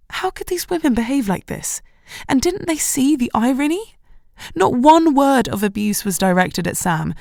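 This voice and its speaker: A woman reads a first-person romantic comedy with wry, expressive timing. Her mid-pitched voice has a noticeable gravelly fry. The recording is close and dry. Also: no echo. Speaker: audiobook narrator. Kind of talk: first-person scripted narration.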